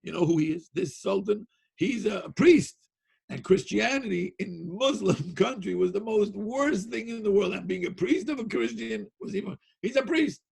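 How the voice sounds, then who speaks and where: A male teacher tells a story with animated energy, often repeating himself and breaking into short laughs. His voice is rough and gravelly, with a husky edge. It sits high for a man. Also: normal speed. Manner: animated, repeats words, laughs between lines. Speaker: Torah teacher. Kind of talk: storytelling lecture.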